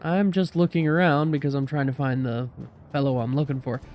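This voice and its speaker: A man hosting a game playthrough, reading the text aloud with relaxed, self-mocking asides. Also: mid-range voice, a little fast, faint music behind. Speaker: let's play host. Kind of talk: casual game narration and commentary.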